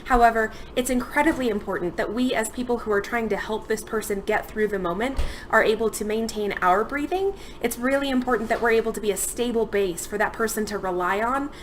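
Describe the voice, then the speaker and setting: A young adult woman therapist giving calm, steady instructional advice straight to the viewer. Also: fairly high pitch, fairly quick, few pauses, a little hiss or hum. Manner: calm, steady explanatory delivery. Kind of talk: instructional talk to camera.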